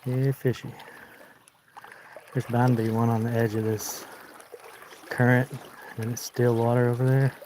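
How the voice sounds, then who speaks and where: A man's voice: mid-range voice, level tone, a little slow, long pauses, a little mellow, a little hiss or hum. A man with a Southern American accent from Arkansas, chatting casually on a fishing livestream while wading a river and answering viewers. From Arkansas, United States. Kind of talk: casual live-stream chat. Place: outdoors wading in a river under a bridge.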